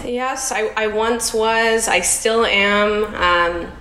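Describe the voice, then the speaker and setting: A woman's voice: medium pitch, extremely slow, pushed and bright. A woman guest on a podcast, speaking thoughtfully with some hesitation. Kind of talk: casual interview talk. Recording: echoey room with faint noise.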